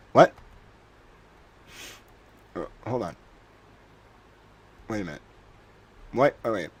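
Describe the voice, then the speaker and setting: A man's voice: lowish voice, wildly swooping pitch, drawn-out words, long pauses, breathy edge. A man hosting a livestream, reading a court transcript aloud and breaking off with amused, laughing commentary. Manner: laughs often and reacts with amused disbelief. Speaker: livestream host.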